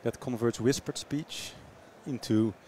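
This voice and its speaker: A man, a startup founder, answering interview questions in English with hesitant pauses and repeated words. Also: medium pitch, fairly even intonation, mellow, slight background noise. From Netherlands.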